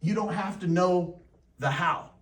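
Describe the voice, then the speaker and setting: A man, a real estate coach, telling a story to a live audience with laughs and lively asides. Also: high voice, unhurried, echoey room, recorded from a distance. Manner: animated, laughing, talks to the crowd.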